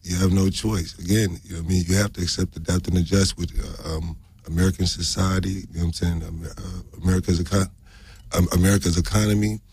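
A man's voice: sits low, fairly even intonation, fast talker, darkish tone, slightly rough. A man in a casual group discussion who talks in a laid-back way, uses plenty of fillers and asks probing questions. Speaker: discussion participant.

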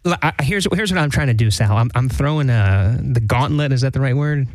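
A man's voice: mid-range voice, animated, a little fast, no echo. A man co-hosting a talk show in a studio, chatting casually, rambling and restarting his sentences, often laughing. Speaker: podcast co-host. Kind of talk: casual chat.

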